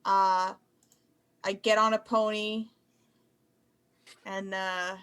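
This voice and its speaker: A woman's voice: medium pitch, level tone, very slow, fairly bright tone, smooth. A woman playing a sarcastic, put-upon female adventurer who rambles through dry asides.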